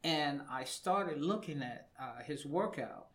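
Man, fitness coach, emphatic, repeats for stress, slightly high voice. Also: expressive, slow pace, a bit bright. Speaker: fitness coach, studio guest. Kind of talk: casual radio talk.

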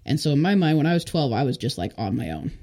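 A woman's voice: low voice, sing-song, fast, warm tone. A young woman telling her life story as a guest in a casual interview, chatty and full of fillers, acting out what people said. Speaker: podcast guest.

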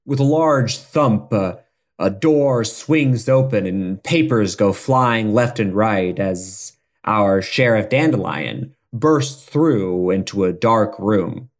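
Lower-voiced man narrating a tabletop game. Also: expressive, takes it slowly. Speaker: player. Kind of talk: tabletop role-play narration.

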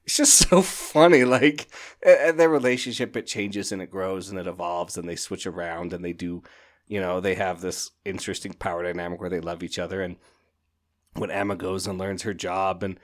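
A man hosting a podcast, chatting casually and excitedly about books in a rambling way, often laughing. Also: low voice, moderate pace. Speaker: podcast host. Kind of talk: casual book review chat.

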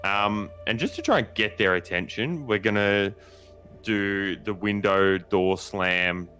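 A low-voiced man chatting casually as a tabletop player, joking with the table. Soft music plays faintly behind him. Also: slow. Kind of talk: casual game chat.

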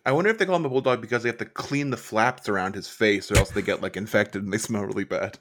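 A man's voice: lowish voice, fast talker, a little hiss or hum. A man co-hosting a podcast, chatting casually and goofing around with joke voices. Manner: goofy, animated, does joke voices. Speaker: podcast co-host. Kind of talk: casual chat.

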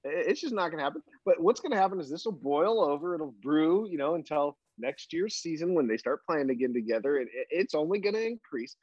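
A man co-hosting a golf podcast, laying out his views in measured casual chat. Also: a little high, expressive, a little mellow, breathy edge, dry recording, muffled recording. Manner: measured, reasoning out his opinion. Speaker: podcast co-host.

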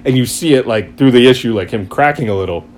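A man chatting casually, retelling a story in an excited, rambling way and acting out quotes. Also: mid-range voice, fast talker, slight background noise. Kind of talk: casual chat.

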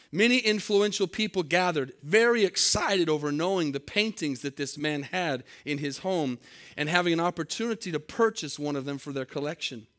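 A male pastor telling a story in a sermon, dramatic and swinging between soft and loud passages. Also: a little high.

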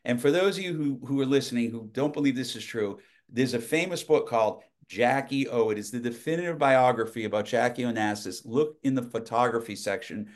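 A man guest on a podcast, telling lively anecdotes in casual conversation, often restarting his sentences. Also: mid-range voice, a little fast, few pauses. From United States. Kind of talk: casual storytelling.

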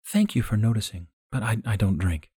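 A man voicing a gentle young woman with a soft, melodic manner. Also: expressive, brisk, husky, no room sound, clean studio sound. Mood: gentle, curious. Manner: soft, melodic, raised pitch.

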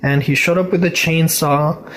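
A man's voice: fairly high pitch, fairly even intonation, moderate pace, fairly bright tone. A man leaving a voicemail monologue for a podcast, telling a story in a straightforward way.

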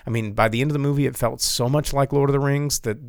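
In a casual, somewhat profane movie-review chat, a male podcast co-host rambles about a film he saw, full of fillers and restarts. His medium-pitched voice is steady, fast and creaky, with no echo.

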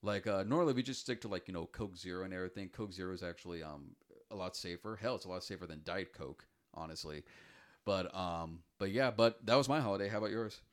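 Low-voiced man rambling in casual chat. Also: fast talker. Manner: rambling, many fillers and restarts. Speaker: podcast co-host.

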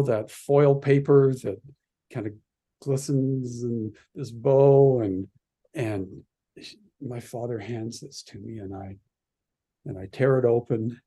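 A man from Canada, a radio producer and podcast guest, telling an animated story and acting out the voices of the people in it. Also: mid-range voice, a little slow, husky. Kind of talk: animated anecdote in a podcast interview.

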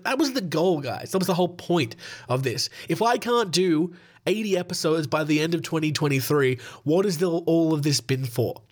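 A man with an Australian accent, sick and hoarse, hosting a podcast in a rambling, joking way and swearing freely. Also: fairly high pitch. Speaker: podcast host. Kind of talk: casual comedic podcast monologue.

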